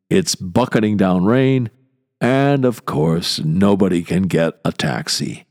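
Slow, gravelly older male lecturer. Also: low voice, darkish tone. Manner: measured, deliberate, explanatory. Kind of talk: spoken lecture.

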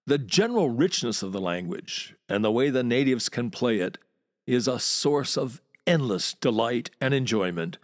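A man's voice: medium pitch, normal speed, dry recording, clean studio sound. An American man hosting a podcast, reading a wry, word-loving monologue. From United States. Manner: wry, relishing words, lively storyteller. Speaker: podcast host and walking tour guide.

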